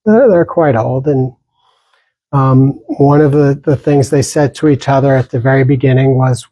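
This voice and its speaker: A man giving a dharma talk as a meditation teacher, speaking gently with pauses and small restarts. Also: medium pitch, no room sound, low-quality recording.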